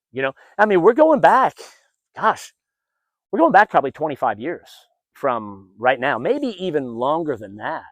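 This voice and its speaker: A man's voice: medium pitch, no echo. Middle-aged man telling a story, dry sound. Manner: animated, acts out what others said, many restarts. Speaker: vlogger and former event announcer. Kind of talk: casual personal storytelling.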